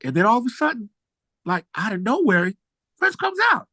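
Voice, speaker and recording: The recording is dry, and this middle-aged musician speaks at a normal speed with a breathy edge to his voice. Chatting casually in an interview, he tells animated stories, acting out quotes with big swings in pitch.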